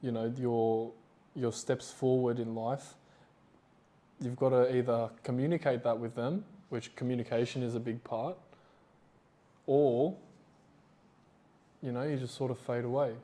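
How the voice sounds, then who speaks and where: Casting note: male podcast co-host, warm mellow tone, relaxed and thoughtful. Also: mid-range voice, unhurried, long pauses. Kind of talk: casual chat.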